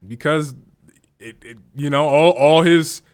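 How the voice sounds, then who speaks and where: A man's voice: a little high, measured pace, smooth, dry recording, clean studio sound. A man in his twenties hosting a casual podcast. He tells stories animatedly, with frequent restarts. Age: 20s. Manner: animated, excitable storytelling with repeated restarts. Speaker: podcast host. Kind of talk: casual chat.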